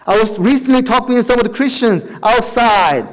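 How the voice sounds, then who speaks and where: A missionary speaker in a church sanctuary shares his personal testimony, acting out dialogue and laughing often as he tells his story. His voice is very high and fairly quick.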